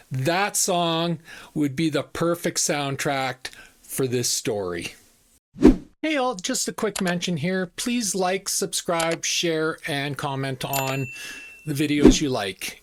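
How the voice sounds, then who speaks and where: A man's voice: a little high, very noisy. A man in his fifties telling a story to camera in a chatty, casual way, often repeating himself and using fillers. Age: 50s. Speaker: vlog host.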